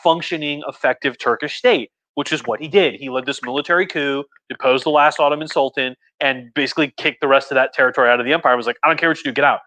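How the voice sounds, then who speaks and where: Man, tipsy, bright voice, rambling casual history talk, jokey asides. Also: mid-range voice, fast, few pauses. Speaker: history lecturer.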